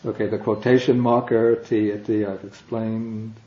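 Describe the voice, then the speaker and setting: A man teaching a language class, explaining slowly and patiently, step by step. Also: fairly low pitch, little pitch movement. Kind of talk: classroom lecture. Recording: dull, echoey classroom recording.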